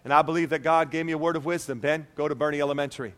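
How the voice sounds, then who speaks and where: A man preaching a sermon as pastor, animated and conversational, often checking in with "okay?". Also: a little high, racing.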